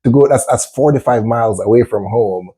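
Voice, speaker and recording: A man's voice: medium pitch, brisk, dark tone, breathy edge. A middle-aged man hosting a casual interview, eagerly cutting in with questions and repeating his words. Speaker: podcast host.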